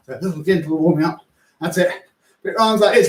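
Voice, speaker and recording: A man teaching primary school music, leading children's warm-ups with upbeat, playful, coaxing instructions. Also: fairly high pitch, fast. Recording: echoey room.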